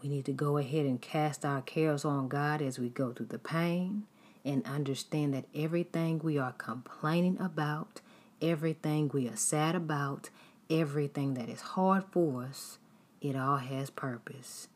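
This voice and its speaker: A woman preaching an earnest devotional sermon, exhorting her listeners and often dropping into hushed, whispered phrases. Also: low voice, normal speed.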